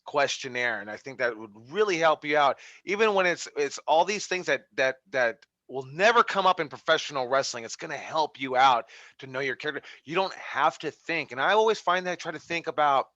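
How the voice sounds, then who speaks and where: A man coaching wrestling students over a video call, his voice fairly high and bright. He rambles and restarts often, and the audio is dull and dry, like a lo-fi call. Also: animated, a little fast, hardly any pauses, no echo. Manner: rambling, many fillers and restarts. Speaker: wrestling instructor.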